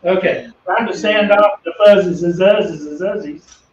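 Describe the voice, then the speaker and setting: A man's voice: high-pitched, moderate pace, crowd noise. Middle-aged man rambling in an echoey workshop. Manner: rambling, self-deprecating storyteller. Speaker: woodworking channel host. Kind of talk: casual workshop chat. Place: home workshop. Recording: distant, echoey, dull workshop audio with faint hum.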